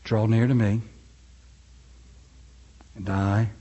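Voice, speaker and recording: A man preaching a sermon to his congregation in a conversational way, asking them questions and swinging from loud, high preaching to quiet, low and soft delivery. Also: steady tone, a little slow, long pauses, breathy edge, highs cut off. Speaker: pastor.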